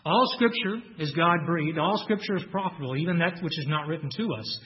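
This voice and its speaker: A man's voice: fairly high pitch, a little fast, dull audio. A man preaching a sermon, earnest and repeating his phrases, his voice lifting when he quotes Scripture.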